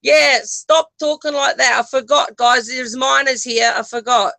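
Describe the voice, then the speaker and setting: An Australian livestream co-host, chatting with the viewers from a bedroom into a phone propped on a selfie stick. The voice is gravelly with a bright, forceful edge, and the talk is loose and full of giggles. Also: high-pitched, fairly even intonation, measured pace, poor audio. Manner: giggly, chatty, talks to the chat. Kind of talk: casual livestream chat. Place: own bedroom.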